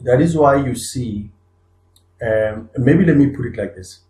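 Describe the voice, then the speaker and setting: A man's voice: medium pitch, animated, unhurried, darkish tone. A man co-hosting a podcast, talking earnestly and building up points with repeated restarts and emphatic rises. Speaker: podcast co-host. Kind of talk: conversational discussion. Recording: echoey room.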